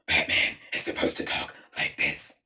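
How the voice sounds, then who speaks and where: A woman putting on a gruff, breathy, gravelly whisper-growl as a masked male vigilante, in a comic impression during a video review. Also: bright, forceful tone. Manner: low, rasping, deliberately disguised delivery.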